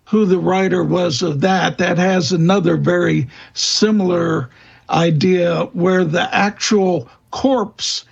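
A man speaking as a guest expert in an interview, answering in a halting way with many fillers and restarts. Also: high-pitched, fairly even intonation, gravelly, breathy edge, dull audio. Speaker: guest expert on vampire lore.

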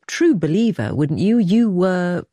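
A woman's voice: on the low side, very animated, a little slow, warm tone, no room sound, clean studio sound. A woman interviewer asking probing, pointed questions.

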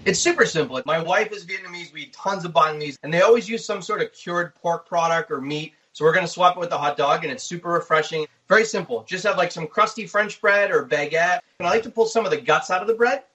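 A man, a guest chef, giving a relaxed step-by-step cooking demonstration. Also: high voice, fast, hardly any pauses, highs cut off. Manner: easygoing, step-by-step explaining.

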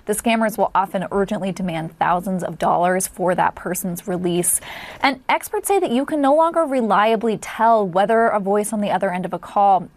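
A woman reporting a news story in a clear, measured way. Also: medium pitch, a little mellow, dry recording. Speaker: tech reporter.

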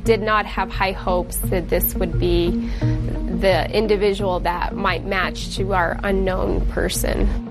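A woman's voice: medium pitch, flat delivery, slow, loud music behind the voice, poor audio. A woman police criminalist in an interview, speaking in a matter-of-fact way.

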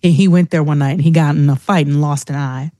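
A woman's voice: sits low, quick pace, no room sound, clean studio sound. A woman in casual chat, telling stories wryly and expressively. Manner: wry, expressive storyteller.

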